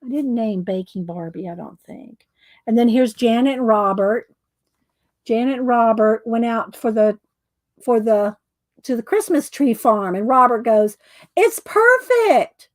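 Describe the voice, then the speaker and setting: Slow, chatty higher-voiced woman. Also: no echo. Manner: rambling, chuckling, searching for words. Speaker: crafter showing her doll scenes. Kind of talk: casual chat.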